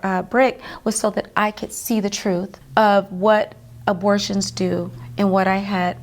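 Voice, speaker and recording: A woman being interviewed as an author, earnestly retelling a personal story in vivid detail, with many fillers. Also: medium pitch.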